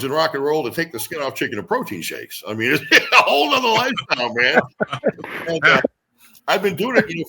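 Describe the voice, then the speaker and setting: Fast-talking husky middle-aged man. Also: medium pitch, rough recording. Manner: animated storyteller who acts out quotes, swears freely. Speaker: guest wrestler. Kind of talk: storytelling interview.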